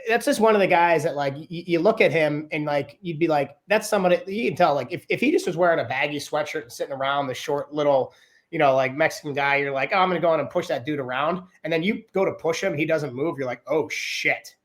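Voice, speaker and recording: Animated man talking wrestling. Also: on the high side, quick pace. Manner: animated, rambling, many fillers. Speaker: podcast guest, Olympic wrestler. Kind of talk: casual chat.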